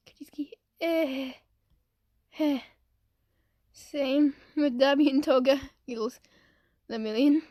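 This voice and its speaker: Woman, high voice, giggly, excitable, casual comment-reading vlog, dry close sound. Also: slow pace, long pauses, no room sound. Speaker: video creator reading comments.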